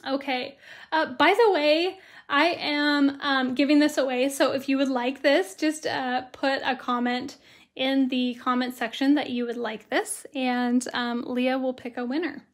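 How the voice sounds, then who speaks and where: A hoarse woman leads a relaxed live watercolor tutorial, her voice high and her pace unhurried. She chats along and greets viewers by name as she works. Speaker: watercolor instructor. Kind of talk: live-stream craft tutorial.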